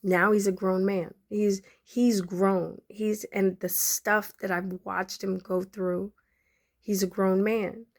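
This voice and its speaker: A woman's voice: medium pitch, flat delivery, takes it slowly. Podcast host, woman in her forties, emotional, on the verge of tears, speaks straight to her listeners. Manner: emotional, near tears, fighting back crying; conversational, addresses listeners directly. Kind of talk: emotional personal talk to followers.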